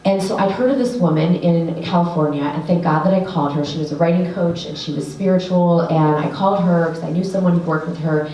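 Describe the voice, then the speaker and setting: A woman writing coach telling an earnest, animated story to an audience, with lots of fillers. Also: fairly low pitch, fairly quick, hardly any pauses, dull audio, slight background noise. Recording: echoey room, voice from a distance.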